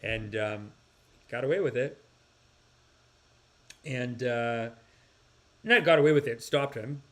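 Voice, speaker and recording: A podcast host reads viewer comments and rambles, sighing, restarting, and slipping into impressions. His voice is mid-range and slow-paced.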